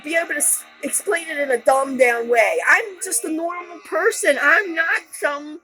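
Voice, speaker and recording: A woman's voice: sits high, moderate pace, bright, forceful tone, poor audio. A woman telling her personal story in a raw, rambling monologue, blunt and profane. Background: music.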